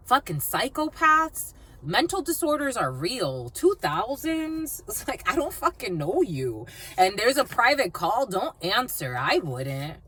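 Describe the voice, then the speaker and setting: A woman's voice: a little high, sing-song, unhurried, a bit bright, husky. A woman reading cards for her viewers, telling a story in a blunt, profane, casual way. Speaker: psychic card reader.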